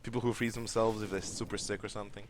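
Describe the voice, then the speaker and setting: A man's voice: fairly low pitch, flat delivery, fast talker, a crowd in the background. A man co-hosting a casual gaming stream, cutting in with jokes and playful contrarian quips.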